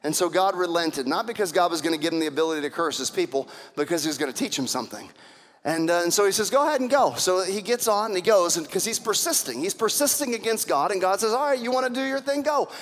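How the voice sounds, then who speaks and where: A man with a high voice preaches a sermon, retelling scripture stories with lively energy and briefly acting out the people in them. His voice rings out with the long reverb of a large hall. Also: fast talker. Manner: animated storytelling with acted-out voices. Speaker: pastor.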